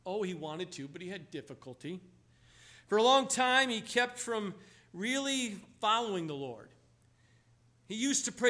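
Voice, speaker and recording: A man's voice: high voice, very animated, unhurried, pauses often, bright, forceful tone. A man preaching a sermon, telling stories with emphatic exclamations.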